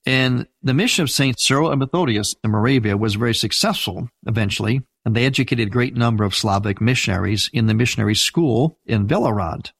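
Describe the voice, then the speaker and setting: Older husky-voiced man giving a church history lecture. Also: medium pitch, brisk, few pauses, no room sound. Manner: conversational, explanatory, with asides to listeners. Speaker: Byzantine Catholic priest teaching church history.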